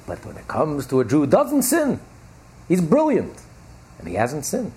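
A man's voice: fairly high pitch, huge pitch swings, normal speed, dark tone, slightly rough. A man teaching as a rabbi, giving an emphatic religious lecture full of rhetorical questions and repetition.

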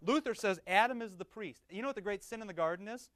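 A man preaching as pastor, teaching with banter and swinging from soft asides to loud emphatic bursts. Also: high-pitched, fast talker, dry recording. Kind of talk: teaching sermon with audience banter.

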